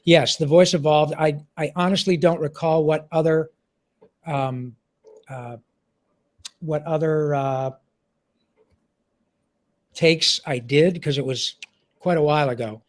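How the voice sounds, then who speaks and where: A man in his sixties, a voice actor appearing as a guest in a video-call interview, speaks in a slightly high voice at a slow pace with frequent pauses. He answers the questions animatedly, slipping into character voices now and then.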